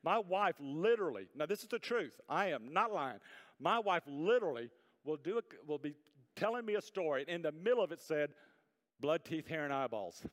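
A man preaching a sermon as pastor, swinging between hushed, quiet passages and loud, emphatic ones, with folksy jokes to the congregation. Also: a little high, lively intonation, a little fast. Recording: reverberant hall.

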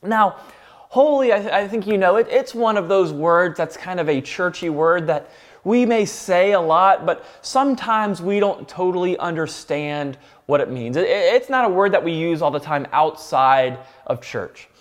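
A man's voice: high-pitched, lively intonation, moderate pace. A man preaching a sermon, earnest and explaining with everyday examples and light teasing asides. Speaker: pastor.

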